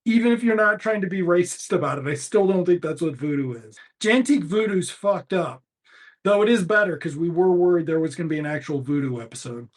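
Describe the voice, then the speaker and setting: A man's voice: sits high, animated, a little fast. Sarcastic man recapping a show. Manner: profane, sarcastic, joking. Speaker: podcast co-host. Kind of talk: casual episode recap.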